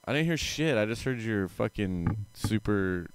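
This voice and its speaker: A man's voice: lowish voice, expressive, measured pace, clean tone, dry recording. A man hosting a livestream call-in show, talking crudely and insulting callers in a brash, rambling way. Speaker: livestream host taking callers. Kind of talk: crude profane call-in chat. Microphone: headphones on.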